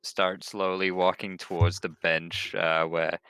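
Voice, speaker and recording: A man playing in a tabletop game, speaking slowly, hesitantly and politely. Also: low-pitched, flat delivery, fairly bright tone, clean tone. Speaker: player. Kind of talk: tabletop role-play.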